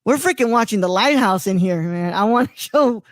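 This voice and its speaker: A man's voice: high-pitched, lively intonation, a little fast, fairly bright tone, dry recording. A man in his twenties from Mexico hosting a casual live show, rambling and stumbling over names with many fillers. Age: 20s. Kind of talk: casual live-stream chat.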